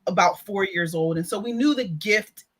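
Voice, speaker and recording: A woman speaks as a guest and a proud parent, telling earnest stories. Her voice sits at a medium pitch. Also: normal speed, slight background noise. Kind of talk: casual interview chat.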